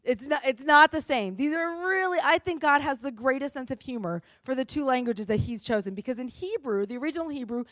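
A woman's voice: sits high, animated, brisk, few pauses, fairly bright tone, no echo, studio quality. A woman pastor teaching a congregation in a conversational sermon, explaining things in a chatty way and often checking in with "right?".

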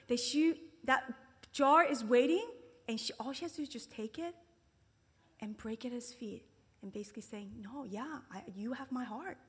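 High-voiced woman preaching in a hall. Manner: conversational, acts out quoted voices with big pitch jumps; drops to a whisper for emphasis. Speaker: speaker at a ministry gathering. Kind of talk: sermon. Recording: long hall reverb.

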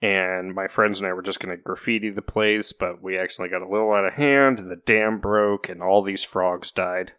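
Deep-voiced playful tabletop player. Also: fairly quick, hardly any pauses, clear, resonant tone, dry recording, clean studio sound. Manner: playful, tells deadpan absurd stories. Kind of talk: tabletop game play.

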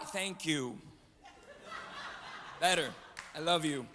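At normal speed and with frequent pauses, a high-pitched guest preacher uses a sharp tone to joke with his congregation and call for answers back. The energetic sermon takes place in a large, reverberant church, with a little hiss or hum on the recording.

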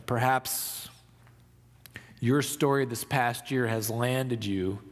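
Slow, reflective man preaching in a hall. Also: mid-range voice. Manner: slow, reflective, dramatic pauses, soft for emphasis. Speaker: pastor. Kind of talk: Easter sermon.

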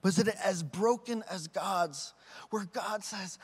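A man preaching a sermon as a pastor, telling stories with animated acted-out voices. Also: sits high, a little slow, breathy edge, in a large hall. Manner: animated storytelling with acted quotes.

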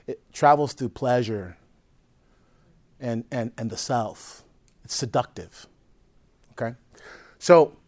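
A male priest teaching a group in a conversational way, often checking in with "right?" and dropping between loud emphasis and soft, low asides. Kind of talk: teaching talk to a live group.

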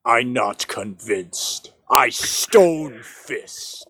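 A man voicing a gruff, slow-witted male giant warrior who speaks in broken, simple sentences. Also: medium pitch, expressive, sharp tone, no echo, full character voice. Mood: blunt.

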